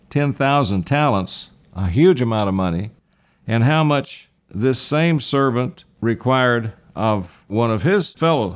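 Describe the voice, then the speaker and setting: Man preaching with slow emphatic rises. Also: mid-range voice, highs cut off. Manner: reads King James verses then paraphrases in plain words; emphatic, slows down and rises for key points. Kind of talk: sermon reading and explaining scripture.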